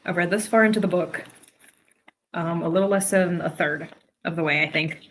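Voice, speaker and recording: A woman's voice: lowish voice, moderate pace, slight background noise. Chatty young woman streaming from home. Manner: chatty, reads chat aloud and reacts, laughs often. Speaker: livestream host and writer. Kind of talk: casual livestream chat.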